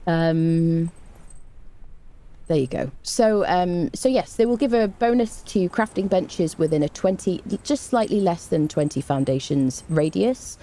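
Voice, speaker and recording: A little slow and expressive, a British woman with a lowish voice hosts a live game stream, greeting viewers and chatting warmly. Reading the patch notes, she keeps stumbling into ums and restarts.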